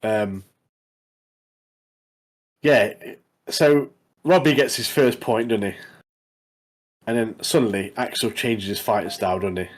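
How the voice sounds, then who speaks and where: A man's voice: fairly low pitch, slow, pauses often, rough recording. A man co-hosting a podcast, recapping a TV episode in a casual, rambling way with tag questions and lots of "mate". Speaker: podcast co-host.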